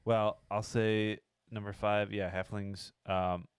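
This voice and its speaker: A man's voice: lowish voice, level tone, slow pace, clean tone, no room sound, clean studio sound. A man co-hosting a casual podcast, hesitant and full of fillers as he searches for words. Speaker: podcast co-host. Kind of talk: casual chat.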